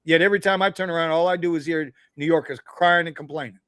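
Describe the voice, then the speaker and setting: A man's voice: fairly high pitch, fairly even intonation, fast talker, fairly bright tone, clear, resonant tone, no room sound, studio quality. A man from Florida, co-hosting a casual talk show, ranting bluntly with plenty of profanity. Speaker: podcast co-host. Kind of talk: casual chat.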